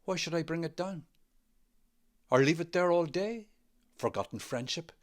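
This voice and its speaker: A man reading a quiet, brooding young man. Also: on the high side, animated, normal speed, pitched above the performer's own voice, natural voice. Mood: pensive. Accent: Northern Irish. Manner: quiet, pensive.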